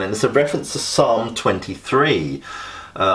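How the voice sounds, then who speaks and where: Low-voiced man giving a revision lesson. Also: very animated, fairly quick, fairly bright tone. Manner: conversational, with frequent fillers and restarts. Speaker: English literature teacher.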